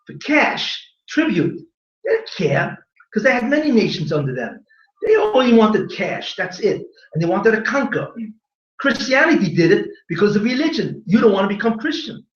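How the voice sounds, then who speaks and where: A man with a high voice delivers a fiery religious lecture, pressing rhetorical questions on his listeners. He sounds set back from a dull-sounding microphone. His words ring out through an echoey hall. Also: far from the mic. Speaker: rabbi giving a lecture.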